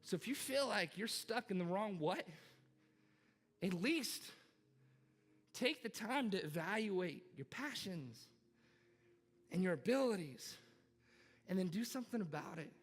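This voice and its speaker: A man's voice: high voice, lively intonation, unhurried, long pauses, big-room sound. A man preaching a sermon as pastor, emphatic and repetitive, urging his congregation directly. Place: church auditorium.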